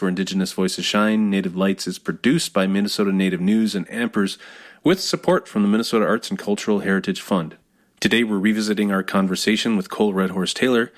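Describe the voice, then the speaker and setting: A man with a very low voice hosts a radio program. He reads the opening announcement smoothly, then moves into relaxed follow-up talk with his guest. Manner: smooth announcer delivery that turns into conversational follow-up. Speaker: radio show host. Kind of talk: scripted show announcement and interview chat.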